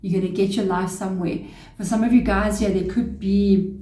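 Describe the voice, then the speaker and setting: A woman's voice: medium pitch, steady tone, a little fast, dark tone, echoey room, slight background noise. A woman giving a casual tarot reading to camera, chatty and relaying spirit messages. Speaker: tarot reader.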